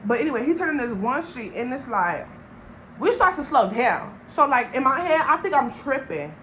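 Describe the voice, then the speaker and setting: A young woman from Long Beach tells a storytime vlog. Her voice sits a touch high, and she speaks in a loose, slangy way while addressing her viewers directly. A faint background hum sits under the recording. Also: big pitch swings, moderate pace, sharp tone, poor audio. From Long Beach, California. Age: young adult. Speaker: vlogger.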